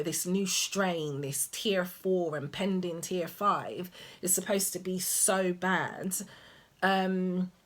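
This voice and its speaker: A young woman vlogging casually about parenting, rambling and hesitant with many ums and restarts. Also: fairly low pitch. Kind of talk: casual chat to camera.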